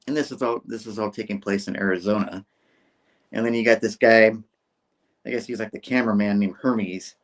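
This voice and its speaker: Man excitedly recapping a comic. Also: on the low side, brisk, low-quality recording. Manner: loose, excited retelling with lots of fillers. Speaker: co-host reading a comic aloud. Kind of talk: casual podcast chat, recapping a comic.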